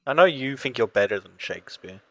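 A man's voice: medium pitch, lively intonation, fairly quick, dry recording. A man with an Australian accent co-hosting a podcast in casual chat, laughing often and swearing casually. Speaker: podcast co-host.

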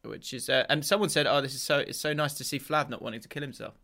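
A man's voice: medium pitch, steady tone, fast talker, sharp tone. Chatty man co-hosting a football podcast. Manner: chatty, laughs often, trails off and restarts. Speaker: podcast co-host. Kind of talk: casual football podcast chat.

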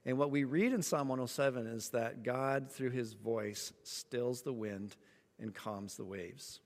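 A man preaching a sermon, telling a story with lively acted-out moments. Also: mid-range voice, measured pace, in a large hall. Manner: animated storytelling, acts out voices. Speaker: pastor.

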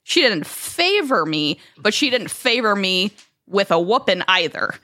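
Bright, animated woman telling family stories. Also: mid-range voice, measured pace, no room sound. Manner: animated, swears freely, acts out quotes. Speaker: podcast co-host. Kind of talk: casual storytelling chat.

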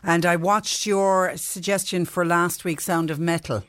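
A woman's voice: on the low side, fairly even intonation, unhurried, a bit bright, no echo. A woman hosting a radio show, chatting in a friendly way with her guest. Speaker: radio host. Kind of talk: casual radio chat.

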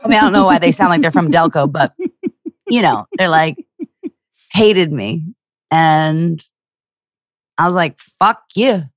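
A woman's voice: low-pitched, measured pace, pauses often, no echo, clean studio sound. A young woman from the Philadelphia area, a stand-up comedian talking casually on a podcast, telling stories with crude jokes and acted-out voices.

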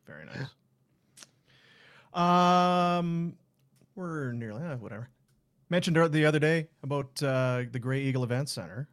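Male sports podcast host, casual and profane, somewhat high voice. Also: a little slow, long pauses. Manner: loose, profane, reads live ad spots. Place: podcast studio.

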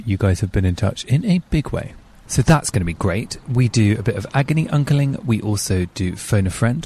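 A man's voice: fairly low pitch, vocal fry, mellow, slightly rough. A man hosting a podcast in a casual, chatty way with self-deprecating asides, recording with a handheld mic outdoors in a car park. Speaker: podcast host. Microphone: handheld microphone.

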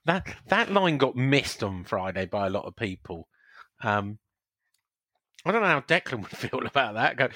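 A man's voice: medium pitch, very animated, unhurried, long pauses, pushed and bright, dry recording. A man co-hosting a podcast, talking casually in a rambling, hesitant way. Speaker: podcast co-host. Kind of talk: casual chat.

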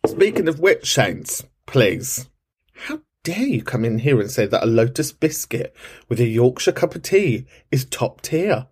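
A man's voice: very animated, a little slow, a little mellow, breathy edge. Cheeky, sweary man hosting. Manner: camp, cheeky and sweary, with big swoops in pitch. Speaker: podcast host. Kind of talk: casual chat responding to voice notes.

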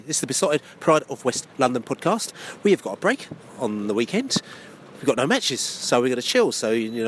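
A man hosting a football podcast in a car park, chatting casually and rambling through restarts as he thinks aloud. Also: medium pitch. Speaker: podcast host. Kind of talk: casual post-match chat. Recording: faint outdoor traffic noise.

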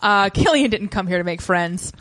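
A woman hosting a podcast, recapping a TV episode in a chatty, animated way and laughing easily. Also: mid-range voice. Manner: chatty and animated, quick to laugh, many fillers. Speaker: podcast host recapping a TV show. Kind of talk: casual chat.

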